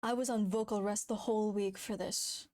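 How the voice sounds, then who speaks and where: With a warm, steady, medium-pitched voice at a normal speed, a young woman VTuber chats casually on her livestream. She gets frantic, giggles often, and swears freely. Slight background noise is audible.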